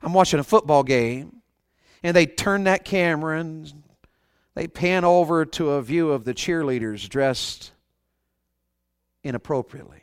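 A man's voice: fairly high pitch, a little slow, long pauses, smooth, no echo. A man with a Southern US accent preaching a fervent revival sermon, often putting questions to the congregation. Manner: fervent, asks the crowd questions.

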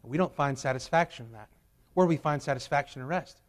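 A male pastor preaching a sermon in a church, swinging between loud urgent peaks and quiet drops. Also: mid-range voice, quick pace. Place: church sanctuary.

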